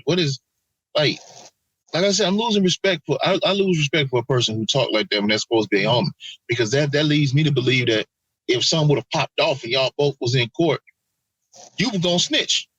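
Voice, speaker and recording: A man co-hosting a casual podcast chat, talking in an animated, profane way and acting out quotes. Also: on the high side, brisk, breathy edge, no room sound, dull audio. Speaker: podcast co-host.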